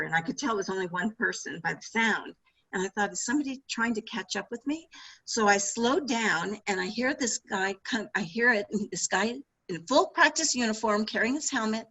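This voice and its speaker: A middle-aged woman, an author, telling animated anecdotes in an interview over a video call. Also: medium pitch, rough recording. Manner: animated anecdotes with laughter and restarts. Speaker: author and former sportswriter. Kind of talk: storytelling interview answers.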